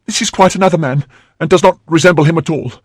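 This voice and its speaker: A man's voice: low voice, normal speed, a little mellow, husky, no room sound, studio quality. A man voicing a timid middle-aged mercer who answers anxiously and deferentially, crying out in alarm when frightened. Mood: panicked.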